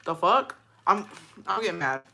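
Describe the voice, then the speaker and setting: A woman with a bright, sharp-edged voice delivers a heated reaction commentary. She rants with profane outrage, swinging between disbelief and fury. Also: medium pitch, expressive, gravelly. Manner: profane, outraged, fast-shifting rant.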